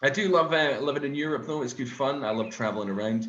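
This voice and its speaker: A Scottish man performing a stand-up comedy set, repeating his punchlines and jumping into high voices for the people he quotes. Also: quick pace, fairly bright tone, reverberant, muffled recording. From Scotland.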